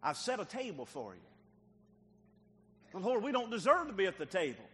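Animated preacher man in an echoing church. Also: high-pitched, normal speed. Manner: dramatic preaching, acts out biblical dialogue, swings loud to soft. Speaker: pastor. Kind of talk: sermon. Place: church sanctuary.

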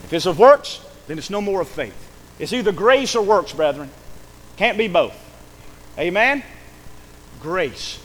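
A man's voice: sits high, animated, brisk, slight background noise, low-quality recording. A man, a pastor, preaching a sermon emphatically, acting out quoted speech and calling for amens.

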